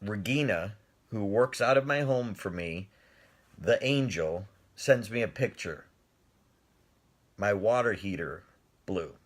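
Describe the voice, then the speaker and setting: A middle-aged man telling a personal story on a live stream in a casual, animated way, often laughing and answering viewers' comments. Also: on the low side, takes it slowly, long pauses.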